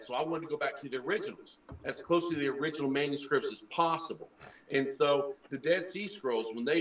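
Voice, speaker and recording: A man's voice: mid-range voice, a bit bright, reverberant, distant mic, poor audio. A man who trained as a preacher, earnestly explaining things in a casual group chat and often restarting his words. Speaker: former preacher.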